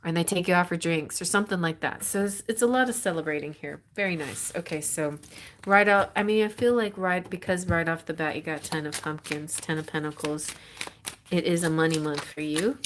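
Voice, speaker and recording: Excitable rambling tarot reader, woman. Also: on the low side, a little fast, a little hiss or hum. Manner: rambling, excitable, restarts often, laughs between phrases. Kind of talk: live-stream tarot reading.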